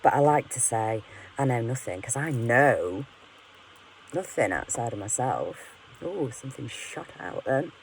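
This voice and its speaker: A woman's voice: extremely low pitch, lively intonation, a little slow, slight background noise, low-quality recording. Sweary, rambling woman ranting to camera. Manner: frank, sweary, rambling, laughs at herself. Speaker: vlogger. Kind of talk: candid ranting monologue.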